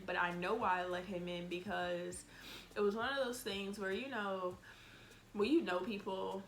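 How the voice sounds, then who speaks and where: A woman's voice: medium pitch, slight background noise. A woman telling a storytime vlog in a blunt, exasperated way, cussing freely and acting out what she said back then. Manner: animated, acts out her own lines. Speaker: vlogger.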